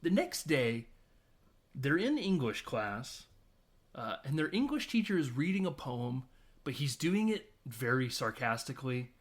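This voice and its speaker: A man on a casual film podcast recaps a movie scene by scene in a mid-pitched, conversational voice. He slips into quick impressions of the characters as he goes, then drops straight back into easy chat. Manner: animated retelling of scenes, acting out characters' lines. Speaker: podcast co-host.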